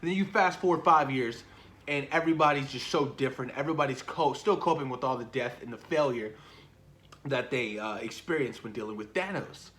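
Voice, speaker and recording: A man talking casually and excitedly about a film he loved, swearing often and repeating himself as he gets carried away. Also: mid-range voice, fairly quick. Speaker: movie reviewer. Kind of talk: casual spoiler talk.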